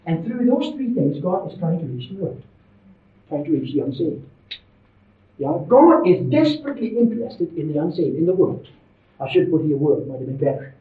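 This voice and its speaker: A man's voice: on the high side, sing-song, normal speed. A man preaching a sermon in an emphatic, conversational way, with frequent asides to his listeners. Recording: roomy, distant, dull lo-fi sermon recording.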